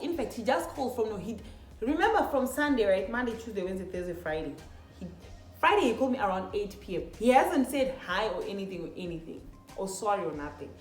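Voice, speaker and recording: Here a young woman vlogs a personal anecdote to her viewers, whom she calls "guys," in a lively, casual style thick with "like" and "literally." Her pitch sits at medium, and the recording sounds reverberant.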